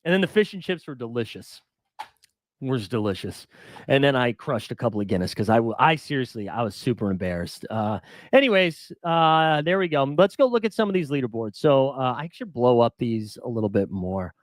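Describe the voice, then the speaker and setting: A man's voice: mid-range voice, lively intonation, brisk, dry recording, clean studio sound. A man hosting a casual fantasy baseball stream, rambling and self-deprecating, chuckling as he talks. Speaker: fantasy baseball show host. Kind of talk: casual live-stream chat.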